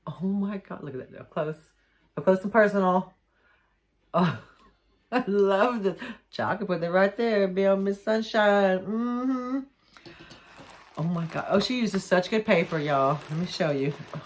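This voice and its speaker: A woman vlogging at home, unboxing a parcel in a gushing, exclamatory way and calling her viewers y'all. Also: lowish voice. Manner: gushing, exclamatory, laughs often. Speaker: jewellery vlogger. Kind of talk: excited unboxing vlog. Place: home, with a pet nearby.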